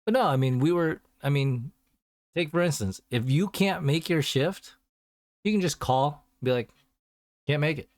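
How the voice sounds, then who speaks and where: A man's voice: fairly high pitch, moderate pace, darkish tone, no room sound, clean studio sound. A man co-hosting a casual podcast, telling rambling stories and acting out phone callers in a raised voice. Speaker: podcast co-host. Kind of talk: casual chat.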